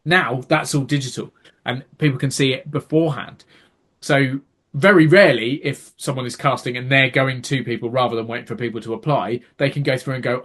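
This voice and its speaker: A man's voice: medium pitch, fairly quick, fairly bright tone. A man, a podcast co-host who works as an actor, explaining at length in casual chat. He often restarts words and acts out quoted reactions.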